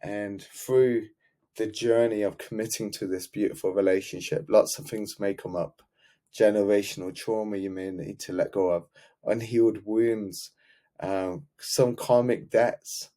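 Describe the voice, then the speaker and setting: A man's voice: fairly low pitch, fairly even intonation, unhurried, mellow. A man speaking as a love coach, giving an earnest, heartfelt motivational talk to camera and repeating key words.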